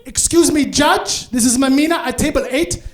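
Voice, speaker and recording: A proud, ruthless middle-aged immigrant mother, as a male comedian puts her on in a stand-up story. She talks slow and emphatic, with a flat deadpan edge. Her voice sits high and carries loud. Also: echoey room, natural voice.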